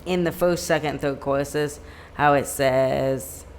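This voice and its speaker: A musician chats casually on a live stream from a home room with a plain white backdrop, rambling and relying on "like" as a filler. The voice is medium-pitched with fairly even intonation, slow-paced, with a little hiss or hum.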